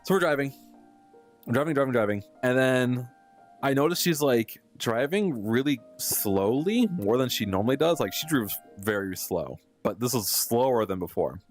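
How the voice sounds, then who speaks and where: A man's voice: mid-range voice, animated, normal speed, faint music behind. A young adult man, a live streamer, telling a story casually and with animation, laughing often and using lots of fillers.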